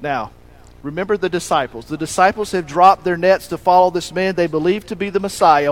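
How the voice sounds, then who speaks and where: A male pastor with a fairly high voice preaches a sermon at a fairly quick pace, telling the story with animated energy and acting out the lines he quotes. He swells to loud emphasis, then sinks to a hush, on a low-quality recording.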